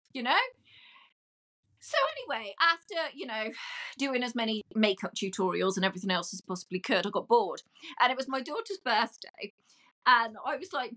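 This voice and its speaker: A middle-aged woman, a podcast guest chatting in a loud, self-mocking way. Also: on the high side, expressive, normal speed. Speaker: guest, cake decorator. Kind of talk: casual chat.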